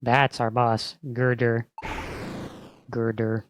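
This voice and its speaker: A man reading rough carpenter's apprentices. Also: medium pitch, monotone, slow, a little hiss or hum, lightly acted. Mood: brusque. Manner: brusque, working-class slang. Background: game music.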